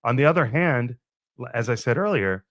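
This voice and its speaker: A man's voice: mid-range voice, expressive, normal speed, dry recording. A man hosting his own podcast, musing and rambling in a casual solo monologue and swearing freely. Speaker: podcast host.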